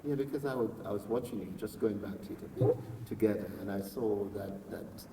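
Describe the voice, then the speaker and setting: A man's voice: lowish voice, a little fast. A man interviewing a singer in a friendly, complimentary way, often restarting his sentences. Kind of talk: casual interview talk. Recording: distant, echoey hall with faint noise.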